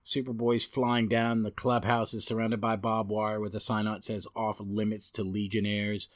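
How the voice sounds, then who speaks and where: A man's voice: lowish voice, little pitch movement, normal speed, no room sound, clean studio sound. A man hosting a comic podcast, talking enthusiastically and reading aloud from a reference book with some restarts. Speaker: podcast host. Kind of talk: casual podcast talk.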